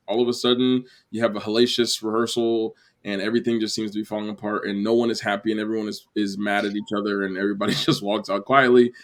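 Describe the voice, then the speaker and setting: A man hosting a casual theater panel chat, rambling with restarts and laughter. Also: lowish voice. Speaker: podcast host.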